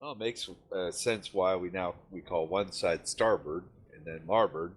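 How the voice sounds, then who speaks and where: A man's voice: sits low, normal speed, breathy edge. A man playing in a tabletop game, cracking playful jokes in casual chat. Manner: joking, playful. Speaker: player.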